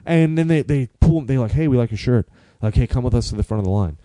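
A man's voice: medium pitch, expressive, fast talker, mellow, no room sound. Rambling, profane man telling stories. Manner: rambling, profane, acts out voices in his stories. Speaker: comedian guest. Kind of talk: casual storytelling chat.

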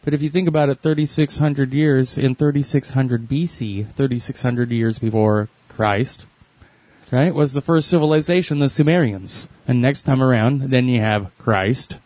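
A man's voice: mid-range voice, normal speed, a little mellow, no echo. A man co-hosting a podcast, trading short replies and dry quips in casual chat. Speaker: podcast co-host.

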